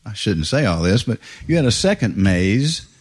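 A man's voice: lowish voice, very animated, moderate pace, husky. A man interviewing an author, conversational and joking, with some hesitant restarts. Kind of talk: interview questions.

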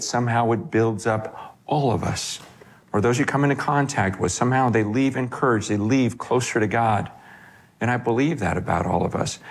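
A man preaching a sermon from a stage, emphatic and animated, quoting scripture and acting out voices. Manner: animated, emphatic preaching with big pitch swings. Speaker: pastor.

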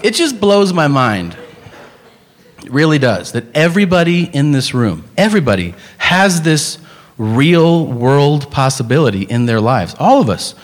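A man's voice: a little high, sing-song, unhurried, long reverb tail. Incredulous, profane male comedian. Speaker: stand-up comedian. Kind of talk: stand-up comedy.

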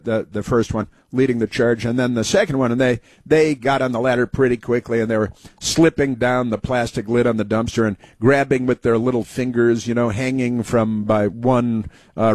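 A man's voice: medium pitch, a little mellow, no room sound. Dry-voiced rambling talk show host man. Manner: rambling anecdotes, mocking political commentary. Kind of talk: casual talk radio monologue.

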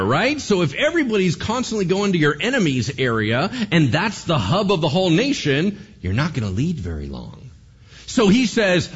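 A man preaches in a casual, animated way, acting out the quoted lines and asking his listeners question after question. His voice has a husky edge, and his pitch moves up and down a lot. The recording sounds a little dull and lo-fi. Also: moderate pace. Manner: animated, conversational, acts out quotes, asks the audience questions. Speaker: pastor. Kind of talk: sermon.

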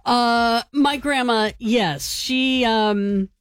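A woman co-hosting a morning radio show, chatty and quick to laugh as she tells a story. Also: a little high, clean tone, no room sound, studio quality. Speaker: radio co-host.

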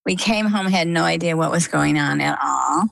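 An older woman tells her story to an interviewer, slipping into the voices of the people around her as she goes. Her voice sits low with a gravelly edge. The sound is close and dry. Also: moderate pace, no room sound, low-quality recording. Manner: animated anecdotal telling with quoted dialogue. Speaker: interview guest. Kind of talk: conversational storytelling. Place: lives on the coast of Maine.

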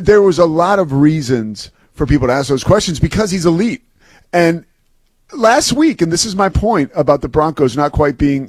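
A man's voice: a little high, dry recording. A man co-hosting a sports talk show, breaking down football in a casual, conversational way with lots of fillers and restarts. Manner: conversational, filler-heavy, repeats words when starting.

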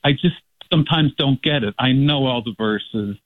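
A man's voice: mid-range voice, normal speed, no room sound. A man from California calling in to a radio show, speaking earnestly and searchingly. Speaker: caller. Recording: tinny phone line.

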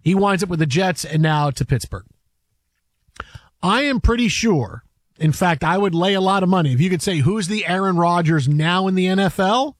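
A man hosting sports talk radio, telling stories in an animated, rambling way with lots of fillers and restarts. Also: high-pitched, normal speed, dry recording, clean studio sound.

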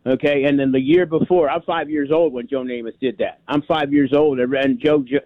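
A man's voice: mid-range voice, steady tone, a little fast, no room sound. A man in his sixties from New York, calling in to a sports radio show and rambling emphatically, with many repeats. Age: 60s. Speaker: caller. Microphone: telephone. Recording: tinny phone line.

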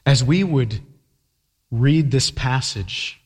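A man's voice: mid-range voice, slow, darkish tone, breathy edge. Emphatic male preacher in a reverberant hall. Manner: emphatic, uses rhetorical questions. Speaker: pastor. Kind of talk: sermon. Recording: long reverb of a large hall.

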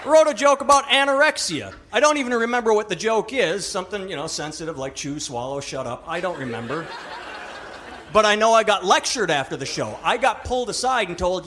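Animated man doing stand-up comedy. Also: high-pitched, fairly quick. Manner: animated, mocking, acts out voices.

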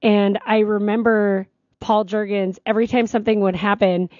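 Lively woman co-hosting a radio show. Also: medium pitch, no echo, muffled recording. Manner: brisk, laughing, lively storyteller. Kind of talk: casual radio conversation.

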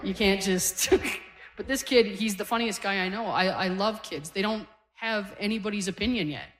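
A woman's voice: mid-range voice, normal speed. A woman in her forties from Canada doing a stand-up set on stage, telling stories in a conversational way with punchy one-liners. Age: 40s. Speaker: stand-up comedian. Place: comedy stage before a live audience.

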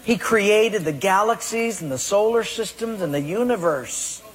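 A man's voice: high-pitched, animated, measured pace. A man preaching a sermon to a congregation, emphatic and firing rhetorical questions at them. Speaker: pastor. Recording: long hall reverb.

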